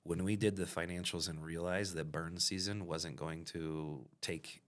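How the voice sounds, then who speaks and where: A man's voice: low voice, fairly even intonation, measured pace, a bit bright. A man who owns a roofing business, talking casually and reflectively on a business podcast. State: has the hiccups. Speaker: business owner and podcast host.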